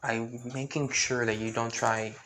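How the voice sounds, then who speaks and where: Calm, steady young male hero, read by a man in his own voice, firm, mid-pitched. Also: unhurried, a little hiss or hum.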